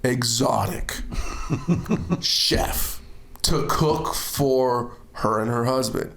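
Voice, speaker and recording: A man hosting a podcast, telling stories in a casual, animated way and laughing often. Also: mid-range voice, very slow, gravelly, roomy sound. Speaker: podcast host. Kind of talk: casual chat.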